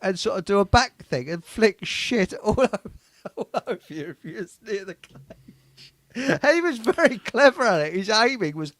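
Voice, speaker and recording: A man's voice: high-pitched, very animated, normal speed, a bit bright, dry recording. A man hosting a casual chat, telling rambling funny anecdotes and often breaking into giggles. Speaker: show host.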